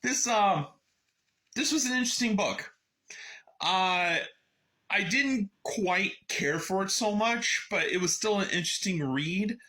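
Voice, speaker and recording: Sarcastic male book reviewer, bright voice, very animated pitch. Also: a little slow. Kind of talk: casual book summary.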